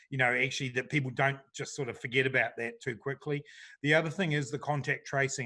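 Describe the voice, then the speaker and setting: A middle-aged man with a mid-range voice answers a panel's questions in his role as a government minister; his manner is relaxed and talkative, with frequent fillers.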